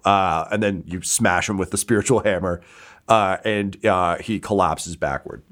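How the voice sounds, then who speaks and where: A man's voice: fairly low pitch, steady tone, normal speed. A man narrating as game master, rambling with many ums and likes.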